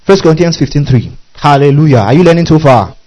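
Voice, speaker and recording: A man's voice: a little high, lively intonation, fast talker, mellow, low-quality recording. A man preaching a sermon, often asking the audience questions and laughing between phrases.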